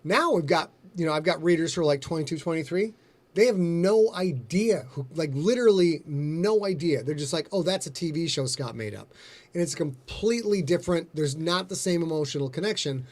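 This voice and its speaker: A man's voice: a little high, lively intonation, brisk, darkish tone. A man hosting a casual livestream chat, rambling and joking, a bit giddy and loopy. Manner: rambling, jokey, breaks into silly put-on voices. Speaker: host.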